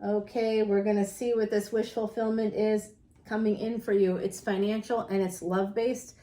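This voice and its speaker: A woman reading tarot cards in a relaxed, rambling chat. She laughs often and keeps turning to talk straight to her viewers. Her voice sits at a middle pitch, and the room rings with echo. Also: normal speed. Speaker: tarot reader.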